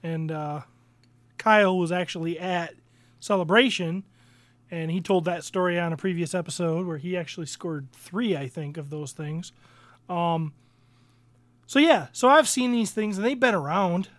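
Casual podcast co-host: a high-voiced man, rambling and hesitant, dry recording. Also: moderate pace, a bit bright, no room sound. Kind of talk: casual chat.

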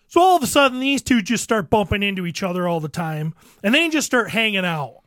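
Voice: mid-range voice, very animated, brisk, few pauses, a bit bright, no echo, studio quality. A podcast host telling a profane, exasperated comic rant about a holiday movie. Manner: crude, exasperated storytelling.

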